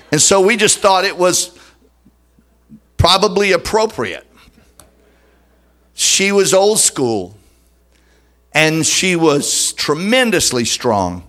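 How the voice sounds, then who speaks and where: A male pastor delivers his sermon with emphatic, dramatic force. His voice sits a little on the high side. He races through some phrases and draws others out slowly. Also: a bit bright. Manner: emphatic, dramatic preaching, shifting pace.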